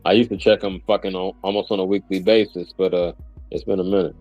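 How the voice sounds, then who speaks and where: A man's voice: sits low, flat delivery, fast, darkish tone, dry recording, muffled recording, soft background music. A man in casual boxing chat over a livestream call, joking and brash, cursing freely. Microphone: remote livestream call.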